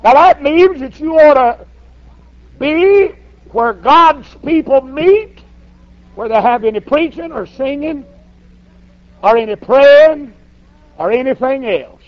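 An older man, a pastor telling a folksy story in a sermon and rising to shouts. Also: very high-pitched, lively intonation, takes it slowly. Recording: dull lo-fi sermon recording.

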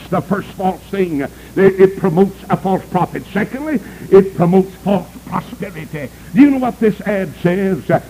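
A man preaching a revival sermon, breaking into sudden high shouted cries and saying "uh" before nearly every phrase. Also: a little hiss or hum, low-quality recording.

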